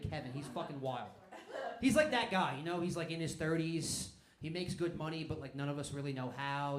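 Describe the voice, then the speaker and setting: New comedian ranting a story fast, room echo, crowd laughing loud. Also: male voice, fairly high pitch. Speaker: stand-up comedian. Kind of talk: stand-up comedy set. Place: comedy club stage with laughing audience. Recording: echoey club with crowd laughter.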